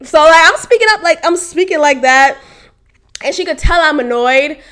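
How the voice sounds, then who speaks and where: A woman's voice: high-pitched, lively intonation, normal speed, a bit bright. A young woman hosting a podcast, telling a workplace story casually and candidly, swearing freely and laughing as she goes. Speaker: podcast host.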